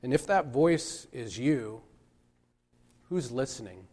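Slow, measured male preacher. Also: mid-range voice, lively intonation, darkish tone, breathy edge. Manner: slow, measured, with pauses for emphasis. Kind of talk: reflective sermon.

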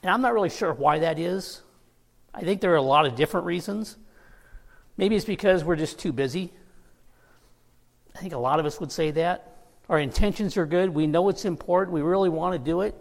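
Slightly high and creaky, a pastor's voice comes fairly quickly but pauses often as he preaches. Recorded in a church sanctuary with long reverb, he tells a personal story with laughs and easy asides.

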